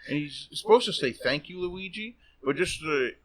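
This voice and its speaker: A man's voice: on the high side, lively intonation, moderate pace. A man co-hosting a podcast, rambling through casual chat with frequent swearing and laughter. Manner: rambling, profane, laughs often. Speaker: podcast co-host.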